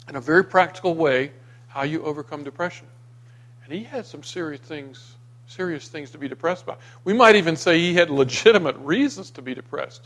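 A man preaching a sermon, dramatic, going from loud emphasis to hushed near-whispers and reading scripture aloud with acted voices. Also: a little high. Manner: reads scripture aloud and acts out the quoted voices.

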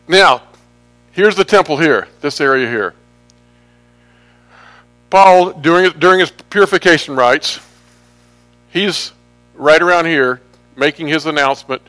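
A man preaching from slides speaks in a slightly high, bright voice. This pastor keeps things chatty and jokey, straying off topic every so often.

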